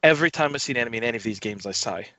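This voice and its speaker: A man's voice: medium pitch, lively intonation, racing, bright, forceful tone. A man co-hosting a games podcast, talking in a chatty, rambling way and restarting his sentences. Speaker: podcast co-host, game reviewer. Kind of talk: casual chat.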